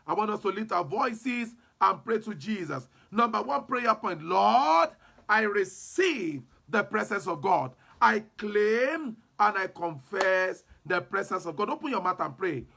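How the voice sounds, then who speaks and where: A man's voice: high-pitched, very animated, a little slow, creaky, pushed and bright. A man preaching a fervent sermon and leading prayer, repeating declarations and breaking into tongues. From Nigeria. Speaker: apostle and preacher.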